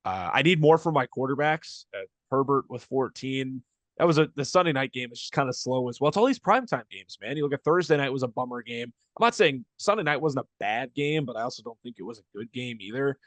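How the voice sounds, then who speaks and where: A man's voice: mid-range voice, animated, a little fast, a bit bright, no room sound. A man co-hosting a fantasy football podcast, talking loosely and chattily with frequent restarts. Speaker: podcast co-host. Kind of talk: casual sports podcast chat.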